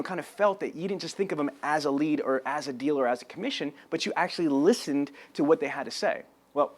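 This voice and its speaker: A man giving an energetic sales training talk on camera, telling stories and acting out phone calls. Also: on the high side. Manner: animated storyteller, acts out phone calls.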